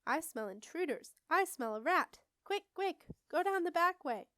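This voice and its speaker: A woman voicing an excited witch shouting about intruders. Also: very high-pitched, moderate pace, dry recording, studio quality, voice pushed up. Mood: frantic. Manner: shouting, frantic.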